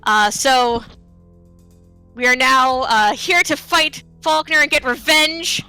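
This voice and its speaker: Chatty bright-voiced woman speedrunner. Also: high voice, slow pace, clean tone, faint music behind. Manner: chatty, filler-heavy, playful. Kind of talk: casual live game commentary.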